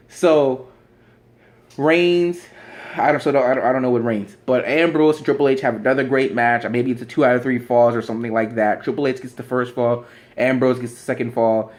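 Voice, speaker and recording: A man's voice: medium pitch, darkish tone. Young man rambling through a casual monologue. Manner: rambling, with frequent restarts and fillers. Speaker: vlogger. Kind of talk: casual fantasy-booking monologue.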